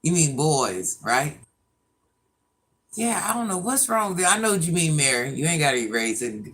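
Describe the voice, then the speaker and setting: A woman's voice: deep voice, sing-song, moderate pace, a bit bright. A woman in her fifties hosting a casual livestream chat, a chatty storyteller who laughs at herself as she talks to her viewers. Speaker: livestream host.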